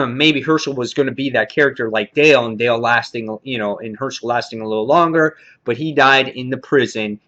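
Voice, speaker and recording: A man reviewing a TV episode in a casual, excitable recap, full of fillers and mild swearing. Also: medium pitch, lo-fi sound. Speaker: TV show reviewer.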